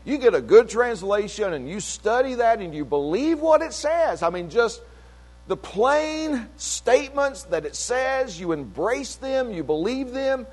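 An older man preaching with a lively, rising and falling delivery, his voice pitched a little high. He retells a story in a repetitive way, climbing to emphatic peaks and sinking to quiet asides. His words hang in the long reverb of a large hall. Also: a little slow. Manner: animated, swings between emphatic peaks and low asides. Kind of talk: sermon-style testimony.

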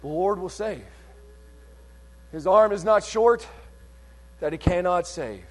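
A man preaching a fervent sermon, swinging between hushed and loud passages, and reading scripture aloud in old-fashioned wording. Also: high-pitched, lively intonation, slow. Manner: reads scripture in old King James wording.

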